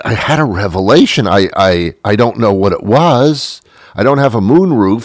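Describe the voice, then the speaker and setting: A man's voice: mid-range voice, dry recording, studio quality. A middle-aged man hosting a show, delivering a wry, rambling comic monologue with mock-biblical asides. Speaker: show host.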